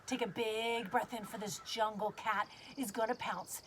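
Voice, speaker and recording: A woman's voice: fairly high pitch, steady tone, a little slow, fairly bright tone, a little hiss or hum. A woman leading a guided kids yoga class, cueing poses in an upbeat, playful way and making animal sounds.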